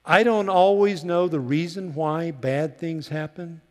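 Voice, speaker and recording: Man, pastor, emphatic sermon delivery, high lively voice, long hall reverb. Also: unhurried. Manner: emphatic preaching, repeats key lines for the congregation.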